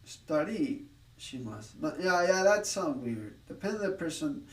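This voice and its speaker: Man streaming, a little high, roomy and off-mic. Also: big pitch swings, far from the mic. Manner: thinking aloud, halting and self-correcting. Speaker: streamer learning a language. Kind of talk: casual live-stream study session.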